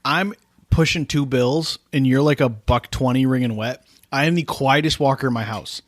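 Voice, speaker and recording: A young man cracks jokes and teases his co-host in loose podcast chat. His voice sits at a middle pitch, close on a dry microphone. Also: moderate pace, dry recording. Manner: wisecracking, teasing. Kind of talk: casual joking chat.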